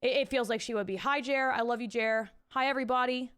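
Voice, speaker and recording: A woman's voice: a little high, quick pace, fairly bright tone, smooth. A young woman streaming from home, chatting casually with her viewers, reading chat aloud and swearing freely into a desk mic with a pop filter.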